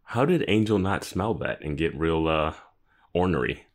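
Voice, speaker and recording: A man with a very low voice chats casually on a podcast, reacting to a show with eager enthusiasm. He breaks into laughter often as he talks. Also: expressive, moderate pace. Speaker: podcast co-host. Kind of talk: casual chat.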